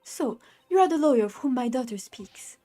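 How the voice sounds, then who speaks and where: Stately queen, haughty and grand, a woman doing the voice, pitched a touch high. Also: expressive, normal speed, warm tone, faint music behind. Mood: regal. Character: haughty regal queen, middle-aged woman.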